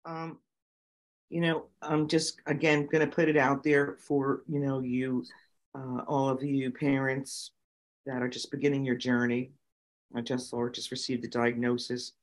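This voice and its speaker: A middle-aged woman, a guest on an interview show, telling lively stories with many fillers and giving emphatic advice. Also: extremely low pitch, a little slow. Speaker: guest, nonprofit founder and autism parent. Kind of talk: conversational storytelling interview.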